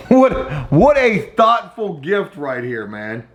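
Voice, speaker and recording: A middle-aged man, vlogging casually and swinging between hushed asides and excited outbursts. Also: fairly high pitch. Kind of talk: casual vlog talk.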